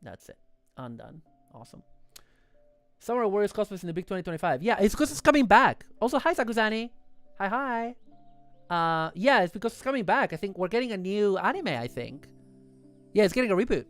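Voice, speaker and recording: A livestream host chatting casually over photos in a rambling, excitable way, often correcting themselves mid-sentence. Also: mid-range voice, brisk, long pauses, no room sound, soft background music.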